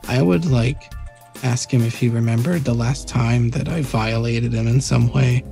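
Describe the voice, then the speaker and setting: A man co-hosting a podcast, telling a rambling, animated workplace story in casual chat. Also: medium pitch, normal speed, vocal fry, soft background music. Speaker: podcast co-host.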